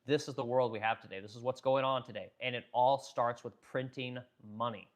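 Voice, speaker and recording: A man's voice: mid-range voice, steady tone, brisk. A middle-aged man and business owner ranting heatedly on a livestream, swearing often, repeating himself and stumbling over his words. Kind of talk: heated political rant on a livestream.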